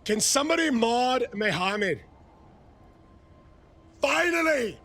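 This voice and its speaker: Brief: high-voiced gravelly male streamer, shouting to chat, out of breath. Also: animated, takes it slowly. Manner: hyped, shouting bursts to chat. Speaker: gaming streamer. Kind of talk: live game stream commentary.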